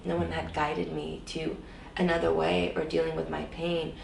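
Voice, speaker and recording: A woman's voice: sits low, little pitch movement, normal speed, vocal fry, far from the mic, slight background noise. A woman guest telling her personal story in an earnest, reflective way, often saying "you know.". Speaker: interview guest. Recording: roomy echo, voice a bit off-mic, faint background ambience.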